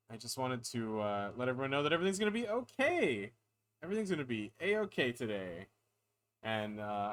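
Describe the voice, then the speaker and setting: A man's voice: mid-range voice, fairly bright tone. A tired man chatting casually on a live stream, rambling, playful and self-deprecating.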